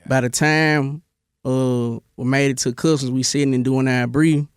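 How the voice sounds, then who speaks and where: A young man from Memphis, telling his army stories in a relaxed interview, with a lot of "bro" and many restarts. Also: mid-range voice, normal speed, smooth, no echo, clean studio sound. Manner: laid-back storytelling, lots of "bro" and restarts. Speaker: interview guest, army veteran. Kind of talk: casual interview.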